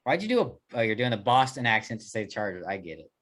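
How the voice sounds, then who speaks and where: Podcast host, male, lowish voice, playful ribbing, runs the segment. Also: very animated, fairly bright tone. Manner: teasing, quick banter, leads the picks. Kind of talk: casual sports chat.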